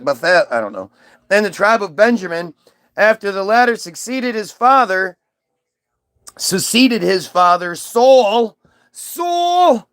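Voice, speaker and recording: Man, high-pitched, rambling livestream monologue, swears, reads aloud. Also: a bit bright. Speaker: livestream host.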